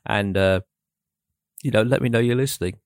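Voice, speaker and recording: A man in his forties hosts a late-night radio show, talking in a subdued, rambling manner and poking fun at himself. His voice sits low and sounds dry and close in a radio studio. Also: moderate pace, vocal fry, no echo. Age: 40s. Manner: self-deprecating, rambling, subdued. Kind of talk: laid-back radio presenting. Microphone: studio microphone.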